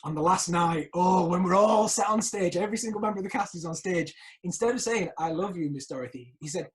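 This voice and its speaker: A man's voice: sits high, brisk, poor audio. A man hosting a casual podcast chat, telling theatre stories animatedly and laughing often. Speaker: podcast host.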